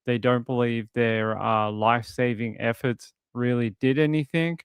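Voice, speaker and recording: A man's voice: medium pitch, fairly even intonation, a little slow, clean tone, dry recording. A man giving casual livestream commentary on a case, talking in a rambling, conversational way and reading out viewer comments. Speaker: true crime streamer.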